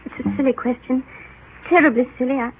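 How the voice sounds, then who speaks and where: A tender, anxious young woman in love in a vintage radio play, her voice pitched fairly high. She speaks softly and earnestly. The sound is tinny and lo-fi, with faint hiss. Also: brisk. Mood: pleading. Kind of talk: 1930s radio drama acting. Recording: narrow phone-like old radio broadcast with faint hiss.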